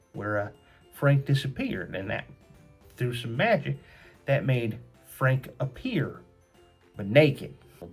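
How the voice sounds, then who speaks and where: A man retelling a story for children in a gentle, chatty, moralizing way. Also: mid-range voice, husky.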